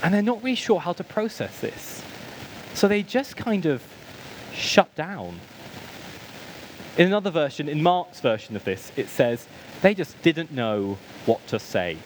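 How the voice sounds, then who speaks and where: A man's voice: a little high, sing-song, a little slow, slight background noise, rough recording. A British man giving a church sermon with humorous asides, self-deprecating stories and frequent ums. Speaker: preacher.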